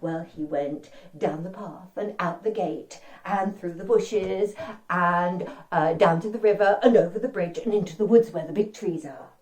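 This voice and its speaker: A woman's voice: fairly low pitch, moderate pace, a little mellow. A woman telling an interactive story to children, speaking directly to young listeners and inviting them to join in. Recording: roomy and distant.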